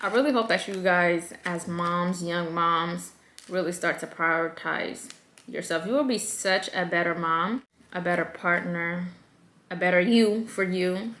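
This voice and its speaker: A woman in her thirties giving self-care advice to moms in a lively, conversational vlog. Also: lowish voice, unhurried. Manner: lively and conversational, acts out quoted voices. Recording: echoey room.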